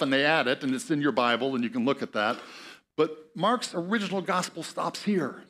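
Preaching in a relaxed, conversational style, this male pastor has an Upper Midwest American accent and a rather high, slightly bright voice. He moves at a moderate pace, reading from scripture and breaking in with chuckles and side comments.

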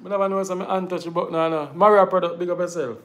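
Animated Jamaican man hosting a live stream. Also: high-pitched, very fast. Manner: animated storytelling in patois, addresses viewers as guys. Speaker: live show host. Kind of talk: casual live-stream chat.

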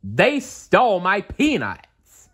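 A man's voice: on the high side, wildly swooping pitch, slow, sharp tone, slightly rough, voice pushed up, heavily acted. Man voicing Donald Duck, grumpy stubborn duck. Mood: indignant.

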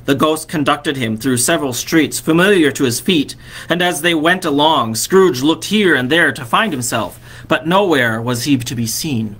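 Bright-voiced man reading a storybook aloud. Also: fairly high pitch, breathy edge. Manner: expressive reading, slowing on key phrases. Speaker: vicar.

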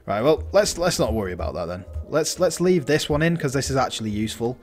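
A man's voice: mid-range voice, big pitch swings, fast talker. A man talking through a building game in casual let's-play commentary, thinking aloud and restarting his sentences. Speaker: gaming channel host.

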